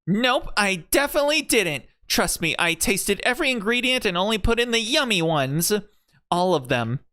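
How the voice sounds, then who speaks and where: A man's voice: high-pitched, big pitch swings, normal speed, bright, forceful tone, voice pushed up, full character voice. A man voicing a cheerful, innocent young female knight in a game story, in a sweet sing-song manner. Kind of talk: reading game story aloud with voices.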